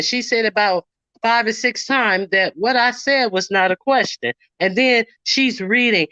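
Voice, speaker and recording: A woman's voice: on the high side, a little slow, pushed and bright, dry recording, dull audio. A woman giving casual ranting commentary, indignantly retelling online arguments and acting out what others said. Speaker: commentary streamer.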